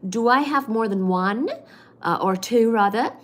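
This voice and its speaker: A woman's voice: a little high, a little slow. A woman hosting a livestream, reading viewers' chat comments aloud and answering them in a playful, affectionate way. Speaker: livestream host.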